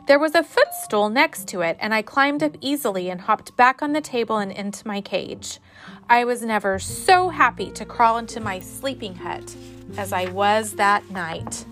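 Animated woman reading a children's story. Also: a little high. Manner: expressive, animated. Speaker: teacher reading to a class. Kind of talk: children's story read-aloud.

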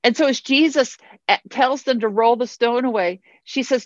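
A woman's voice: fairly high pitch, normal speed, no room sound, lo-fi sound. A woman pastor preaching a sermon in an earnest way, repeating phrases for emphasis.

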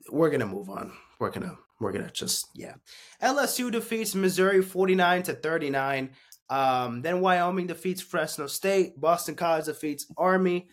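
A man's voice: a little high, lively intonation, moderate pace. A young man hosting a casual sports recap, ranting with lots of swearing, heated one moment and muttering in defeat the next. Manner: ranting, profane, swings from heated to deflated mutters.

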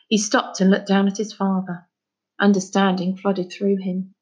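A woman narrates a children's novel aloud in a calm, steady storytelling manner. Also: mid-range voice, normal speed, lo-fi sound. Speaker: reader.

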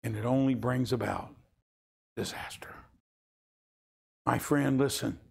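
Older male pastor, gravelly and husky, unhurried sermon storytelling. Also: mid-range voice. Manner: storytelling, voices quotes softly, rising to impassioned pleas. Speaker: preacher.

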